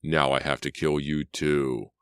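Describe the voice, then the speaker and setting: A man's voice: rumbling low, level tone, a little slow, a bit bright, clear, resonant tone, no room sound, studio quality. A man voicing a panicked young male killer in an audiobook, speaking in clipped, choked outbursts. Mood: furious. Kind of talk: audiobook character voice.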